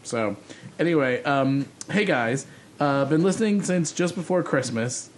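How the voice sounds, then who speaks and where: A man's voice: on the high side, unhurried. A man co-hosting a podcast, chatting casually and reading a listener's email aloud. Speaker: podcast co-host.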